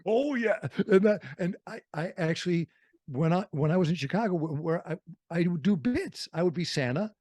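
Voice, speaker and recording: Radio veteran from Wisconsin, animated studio storyteller, dry close mic. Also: male voice, high voice, moderate pace, dry recording. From Fond du Lac, Wisconsin. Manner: animated, acts out quotes in other voices. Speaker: radio host and interview guest. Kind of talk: storytelling interview.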